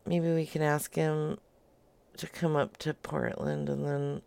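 A woman's voice: low voice, little pitch movement, takes it slowly, creaky, a little mellow, clean tone, dry recording. A woman co-hosting a comedy show, chatting in a giggly, teasing way and swearing freely. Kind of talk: casual banter on a live show.

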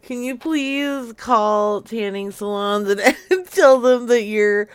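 A woman in casual chat who talks in a giggly, slow way. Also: fairly high pitch, clear, resonant tone, no room sound.

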